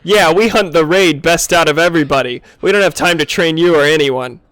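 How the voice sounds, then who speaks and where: A man voicing gruff, boorish male alien hunters who talk in broken grammar and hurl childish insults. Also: on the high side, fairly quick, a bit bright, dry recording, studio quality, close to an everyday voice. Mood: taunting.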